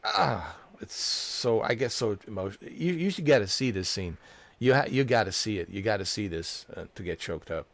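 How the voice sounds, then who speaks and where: Low-voiced man, emotional gaming commentary. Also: lively intonation, moderate pace, creaky, dry recording. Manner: emotional, repetitive, slangy with "dude". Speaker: gaming video creator. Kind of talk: casual story commentary.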